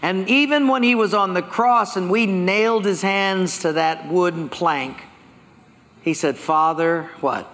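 A male pastor preaching a sermon, telling stories with lively acted-out dialogue. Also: high voice, measured pace. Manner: animated storytelling, acting out dialogue. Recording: long hall reverb.

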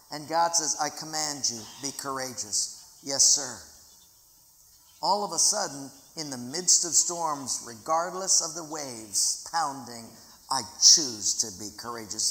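A pastor with a medium-pitched, pushed, bright voice preaches dramatically in a large church auditorium, leading the congregation in reading scripture aloud. The recording is echoey, with a long hall reverb.

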